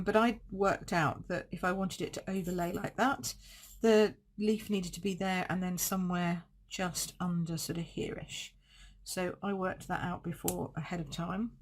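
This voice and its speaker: This is a woman with a lowish voice, heard over slight background noise. She hosts a live card-making demo from a desk streaming rig, chatting and thinking aloud while correcting herself mid-task.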